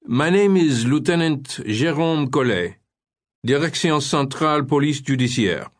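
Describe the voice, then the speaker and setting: A man voicing a curt French police lieutenant with a French accent and a sharp, authoritative bark. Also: on the high side, lively intonation, unhurried, voice pushed up. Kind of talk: audiobook character voice.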